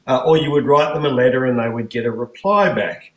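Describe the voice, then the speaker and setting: A man's voice: medium pitch, lively intonation, a little fast, few pauses, roomy sound, low-quality recording. A middle-aged man, a guest cartoonist, recalling past experiences in a reflective, storytelling way during a panel chat.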